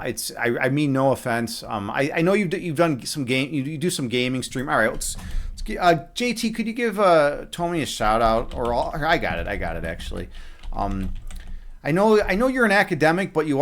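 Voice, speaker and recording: A man's voice: mid-range voice, fairly bright tone. A man live streaming a chess game, chatting casually from his home setup, rambling with lots of restarts and the odd swear word.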